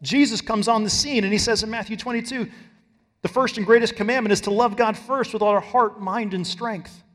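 Male pastor, sermon, emphatic delivery, long reverb of a large church hall. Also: high-pitched. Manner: emphatic, varies loudness and pace for stress.

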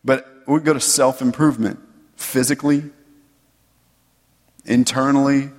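A man giving a conversational sermon, loose and animated, often checking in with "right?". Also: medium pitch, a little slow, big-room sound. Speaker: preacher.

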